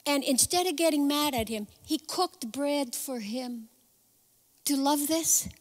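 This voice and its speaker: A woman preaches as a guest speaker, chatty and animated, slipping in personal asides. Her voice sits a bit high, and a long reverb trails each phrase as in a church sanctuary. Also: unhurried. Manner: lively, conversational storytelling with asides. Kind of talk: sermon.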